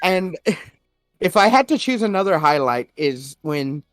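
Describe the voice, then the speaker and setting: A man's voice: fairly high pitch, sing-song, a little slow, a bit bright, no echo, studio quality. A young man co-hosting a podcast, chatting casually with lots of laughter and swearing. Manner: laughing, profane, acts out characters' lines. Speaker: podcast co-host. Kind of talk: casual chat recapping an anime.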